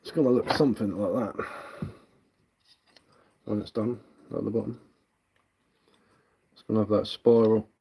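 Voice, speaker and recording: His voice is lowish and slow here, fairly flat in intonation, with vocal fry and long pauses against a noisy background. The English bushcraft streamer, Cockney with a bit of Sussex, carves wood while casually wandering through replies to comments.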